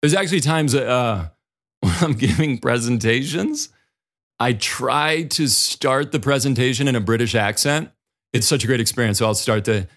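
Podcast host, middle-aged man, Dakota accent, mid-pitched, animated and self-deprecating. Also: normal speed. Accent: American, Dakota. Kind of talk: casual solo podcast talk.

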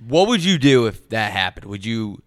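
A young man co-hosting a casual comedic podcast, animated and prone to breaking into loud, high mock voices. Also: moderate pace, dry recording, studio quality. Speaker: podcast co-host.

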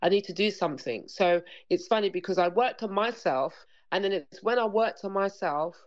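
A woman's voice: mid-range voice, normal speed. A woman, guest on an interview show, talking earnestly about parenting and acting out bits of dialogue. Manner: earnest, repetitive, acts out dialogue. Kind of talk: conversational interview. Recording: dull lo-fi sound.

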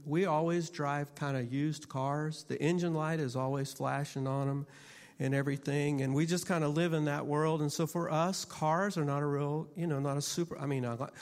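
Male minister, slightly high voice, halting storyteller in a sermon, with a long reverb tail. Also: vocal fry, a little mellow. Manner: halting, repeats his starts. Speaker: minister and teacher.

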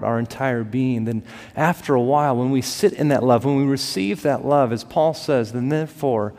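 A man preaching a sermon as pastor, building to emphatic peaks and dropping to soft, quiet lines. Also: mid-range voice. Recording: long reverb of a large hall.

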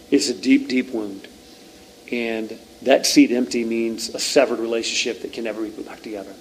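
A man's voice: on the high side, rough recording. A male pastor preaching a conversational, emphatic sermon with frequent asides to the congregation.

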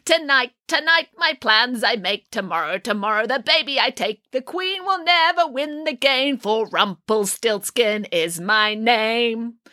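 A woman voicing a gleeful, spiteful little imp-like man who cackles and gloats in a shrill voice. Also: measured pace, few pauses, sharp tone, no room sound, clean studio sound. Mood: gloating singsong.

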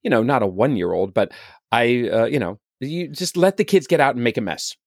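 Dad cohost rambling on, gentle, pitch moves around a lot, dry mic. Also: male voice, lively intonation, brisk, vocal fry, no echo. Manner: rambling, restarts, gentle and chatty. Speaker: podcast co-host. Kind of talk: casual chat.

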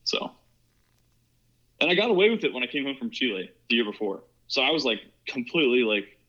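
Fast-talking young man telling a story, sharp tone. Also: mid-range voice, big pitch swings. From Ohio, USA. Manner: rambling, heavy use of "like" and "you know". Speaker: podcast guest. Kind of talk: casual storytelling. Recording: muffled lo-fi recording.

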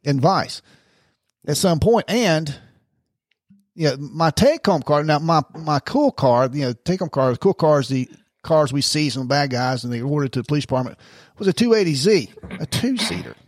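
Animated ex-cop telling stories. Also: male voice, normal speed, dry recording, studio quality. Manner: animated storyteller, jumps high to act out quoted women. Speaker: retired police officer, podcast co-host. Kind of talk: casual storytelling chat.

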